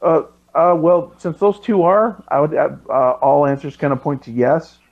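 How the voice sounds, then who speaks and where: A man with a gravelly, fry-laden voice chats on a podcast, cracking jokes and halting often on filler words. The recording is dull and lo-fi. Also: a little high. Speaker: podcast co-host. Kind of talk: casual chat. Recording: dull lo-fi mic.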